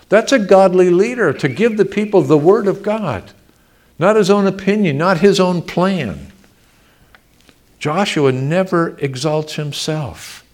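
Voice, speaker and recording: A man's voice: a little high, a little mellow. A man pastor preaching a sermon, reading scripture and pressing his points with emphatic, swelling delivery. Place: church sanctuary.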